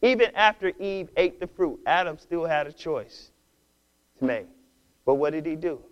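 High-voiced man preaching a sermon. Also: lively intonation, normal speed, highs cut off. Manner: exhorting, repeats and restarts words, builds to loud passionate preaching. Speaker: pastor.

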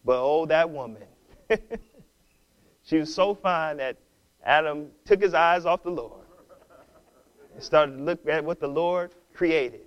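High-voiced man preaching a sermon. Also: takes it slowly, pauses often, muffled recording. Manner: exhorting, repeats and restarts words, builds to loud passionate preaching. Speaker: pastor.

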